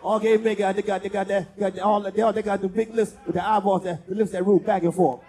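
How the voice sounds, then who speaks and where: High-voiced crude male comic. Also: little pitch movement, fast talker. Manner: crude, loud, teasing the audience. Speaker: stand-up comedian. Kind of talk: stand-up with crowd work. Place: live comedy club. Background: audience.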